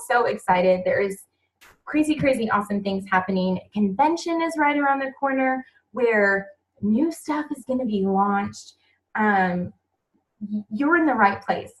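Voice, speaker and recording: A woman's voice: fairly high pitch, far from the mic, rough recording. A woman in her thirties giving an emotional, earnest motivational talk to new team members on a group call.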